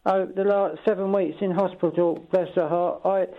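A man's voice: sits high, fairly even intonation, normal speed. A man calling a radio phone-in, talking in a hesitant, rambling way. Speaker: caller. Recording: muffled phone line.

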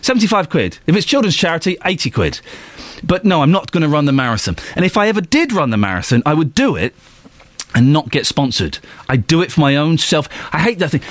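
A man's voice: on the high side, big pitch swings, fairly quick, dry recording. A man hosting a radio show in casual, jokey chat, full of sarcastic asides.

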